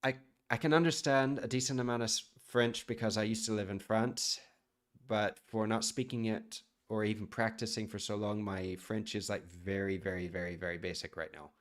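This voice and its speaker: Man, from the US, chef streamer, casual chat, rambling, fairly low voice. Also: steady tone, moderate pace. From United States. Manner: chatty, rambling, answers viewer chat.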